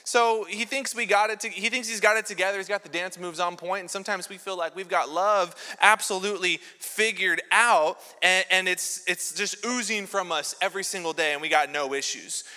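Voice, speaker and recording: A man preaching a sermon as pastor in a church, telling lively jokey stories with props. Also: sits high, brisk, hardly any pauses. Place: large church sanctuary. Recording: long church hall reverb.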